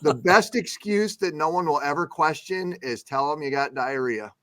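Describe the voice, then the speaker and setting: A man's voice: fairly high pitch, moderate pace, sharp tone, no room sound. A man co-hosting a talk show, cracking sarcastic jokes. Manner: joking, sarcastic. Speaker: co-host. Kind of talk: casual radio talk.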